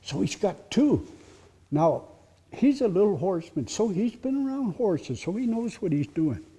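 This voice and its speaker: A man telling a story live at a heritage center presentation, with dramatic pauses and drops to a whisper for suspense. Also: sits high, very animated, warm tone, breathy edge.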